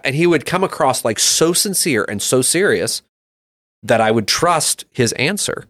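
A man's voice: mid-range voice, lively intonation, normal speed, a bit bright, no room sound. A man in his thirties, a father, telling a personal story in a reflective way during a casual faith conversation. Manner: reflective storytelling, with frequent restarts.

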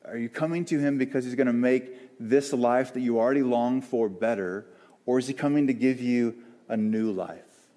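A man preaching a sermon as the church's pastor, earnest and searching, with pauses and restarts. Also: mid-range voice, mellow. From American South. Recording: long hall reverb.

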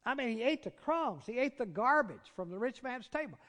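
A man with a Southern American accent preaching a sermon, dropping to hushed, drawn-out words and rising to loud, urgent cries. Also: very high-pitched, big pitch swings. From Southern United States. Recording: long reverb of a large hall.

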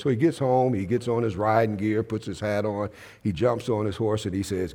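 A Pentecostal preacher, a man who moves between storytelling and stretched-out, emphatic lines of scripture. His voice is gravelly with some fry. He is recorded in a church sanctuary with a long, hanging hall reverb. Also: fairly low pitch, fairly even intonation, dark tone. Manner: storytelling, drawn-out emphatic phrasing. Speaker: pastor. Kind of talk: Pentecostal sermon with call-and-response.

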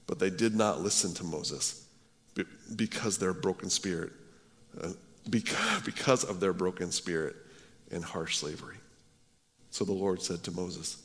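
A male pastor preaching a sermon, earnest and emphatic, stressing key words. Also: low voice. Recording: long reverb of a large hall.

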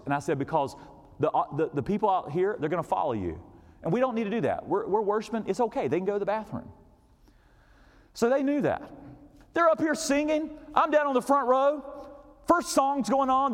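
A man preaching as a pastor, telling a story in an animated way and acting out quoted voices, sometimes dropping to a whisper. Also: very high-pitched, brisk. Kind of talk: storytelling sermon. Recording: long hall reverb.

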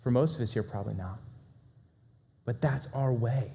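A man giving a talk to a live audience, energetic and fast-talking, with self-deprecating humor. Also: medium pitch, vocal fry. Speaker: speaker.

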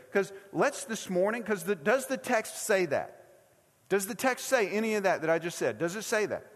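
A man's voice: sits high, a bit bright. A middle-aged man preaching a sermon, casual and conversational, asking his congregation many questions. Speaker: pastor. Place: church sanctuary. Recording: long hall reverb.

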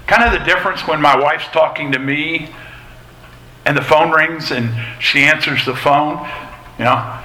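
Middle-aged male pastor, bright conversational sermon voice, roomy church echo. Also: fairly high pitch, normal speed. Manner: conversational, folksy preaching with asides. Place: church sanctuary. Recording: echoey church hall, faint ambience.

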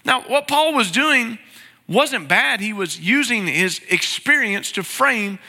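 A man's voice: sits high, lively intonation, slow, vocal fry, pushed and bright. A man preaching a sermon as pastor, earnest and pleading. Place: large church sanctuary. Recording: reverberant sanctuary sound.

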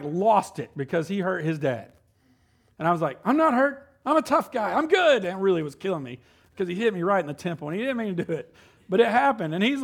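Guy in his thirties preaching, high gravelly voice, keeps saying man and right. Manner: reads scripture slowly and deliberately. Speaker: pastor. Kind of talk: sermon.

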